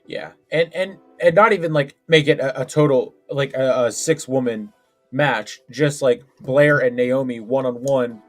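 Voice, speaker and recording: A man's voice: mid-range voice, measured pace, fairly bright tone, faint music behind. A man co-hosting a podcast, chatting casually with lots of restarts and filler. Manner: rambling, full of restarts and "like". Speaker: podcast co-host. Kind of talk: casual wrestling predictions chat.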